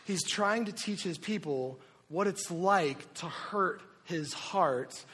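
A man in his thirties, a pastor preaching a sermon, telling family stories in an animated way and acting out the voices. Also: slow, husky, in a large hall. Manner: animated storyteller, acts out voices with big pitch jumps. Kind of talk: sermon with personal storytelling.

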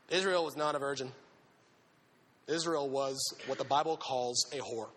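A man preaching a sermon to young people, animated and conversational, acting out little quotes as he goes. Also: fairly high pitch, moderate pace. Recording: long echoing hall reverb.

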